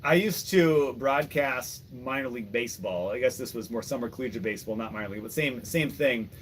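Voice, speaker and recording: A man hosting a podcast at a mid pitch. He tells embarrassing stories about himself at a measured pace, poking fun at his own past. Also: slight background noise. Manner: measured, self-mocking storyteller. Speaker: podcast host. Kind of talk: casual chat.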